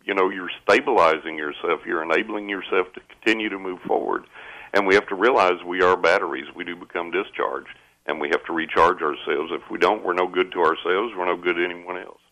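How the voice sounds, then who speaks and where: A man giving advice on a radio talk show, explaining things in a steady, lecturing way. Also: low-pitched, rough recording. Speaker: radio guest expert.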